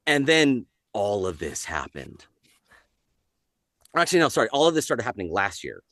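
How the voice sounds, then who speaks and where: A man's voice: fairly low pitch, normal speed, no room sound, studio quality. A man, a voice actor, talking casually on a podcast and breaking into voices. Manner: animated, jumps into voices.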